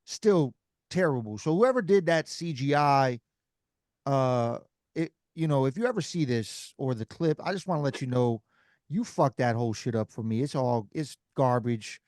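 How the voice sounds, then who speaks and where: A man hosting a casual podcast, ranting in an animated way and swearing freely. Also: mid-range voice, normal speed, dry recording, clean studio sound. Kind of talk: casual chat.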